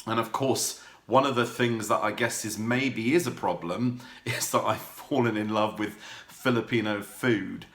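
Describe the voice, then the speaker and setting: A man talking candidly to camera in a personal vlog, rambling warmly with fillers and restarts. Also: lowish voice, measured pace, few pauses, echoey room. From United Kingdom. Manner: warm rambling talk with many fillers and restarts. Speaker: vlogger.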